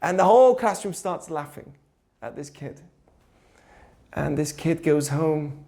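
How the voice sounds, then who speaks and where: High-voiced man teaching ethics. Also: unhurried, vocal fry, warm tone. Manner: conversational, asks rhetorical questions, tells stories. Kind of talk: informal teaching talk.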